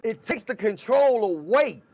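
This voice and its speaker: A man co-hosting a casual talk show, retelling scripture scenes in an animated, storytelling way. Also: extremely high pitch, unhurried, a little hiss or hum. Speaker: co-host.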